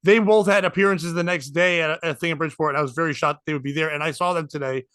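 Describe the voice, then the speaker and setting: A man with a high, bright voice tells a self-mocking story to his co-host, playing out both sides of the dialogue. The sound is dry and close, with no room in it. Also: steady tone, very fast, smooth, no room sound. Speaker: podcast co-host. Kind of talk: casual storytelling chat.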